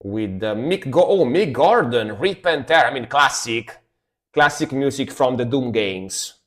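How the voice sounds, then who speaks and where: A man's voice: medium pitch, expressive, a little slow. A man streaming live, reacting to metal music in casual commentary and humming along to riffs. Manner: chatty, scats along to the music.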